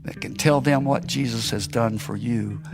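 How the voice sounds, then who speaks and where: A man preaching as a missionary, telling a story emphatically, rising to shouts and falling to near whispers. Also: medium pitch, normal speed, music in the background. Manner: emphatic, climbing to shouted exclamations, then dropping to a hush. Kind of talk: sermon storytelling.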